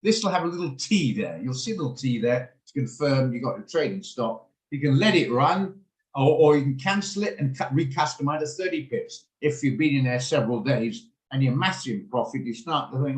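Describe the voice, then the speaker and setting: A man leads a trading class over a video call. He talks quickly and hands-on, walking through each step at a middle pitch. The sound has a noticeable room echo. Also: lively intonation. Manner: fast, hands-on step-by-step explaining. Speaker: trading instructor. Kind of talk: live online trading lesson.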